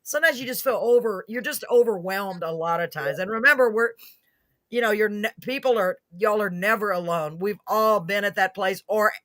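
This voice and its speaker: A woman's voice: mid-range voice, moderate pace, a bit bright, no echo, studio quality. A woman hosting a live music show, chatting casually, gushing and laughing often as she rambles. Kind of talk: casual live-stream chat.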